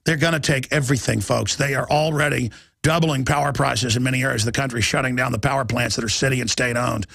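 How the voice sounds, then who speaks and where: A middle-aged man hosting a political talk radio show, ranting urgently and reading headlines aloud in quick bursts. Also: medium pitch, steady tone, vocal fry, a bit bright, no room sound. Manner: urgent, alarmed, rapid-fire ranting.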